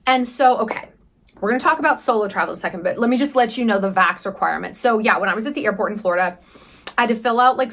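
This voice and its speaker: A woman in her thirties from the United States, chatting candidly in a travel vlog, sarcastic and quick with profane asides. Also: medium pitch, fairly bright tone. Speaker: vlogger. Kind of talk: casual travel vlog chat.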